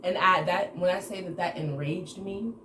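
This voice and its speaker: A woman telling a casual story to her viewers in an animated way, acting out the dialogue. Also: fairly low pitch, normal speed. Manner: animated retelling with acted-out quoted dialogue. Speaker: storytime vlogger. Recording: echoey room with background noise.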